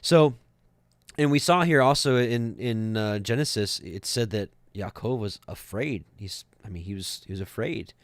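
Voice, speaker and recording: A man's voice: on the low side, normal speed, dry recording. A man teaching scripture casually, rambling with many fillers and restarts and chuckling now and then. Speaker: Bible teacher.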